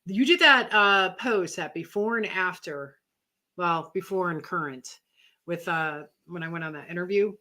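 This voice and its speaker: A woman's voice: on the low side, measured pace, pushed and bright. A woman in her fifties, co-hosting a live question-and-answer chat, rambling and tired. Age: 50s. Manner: rambling, chatty, laughs easily. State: tired, yawning. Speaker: co-host.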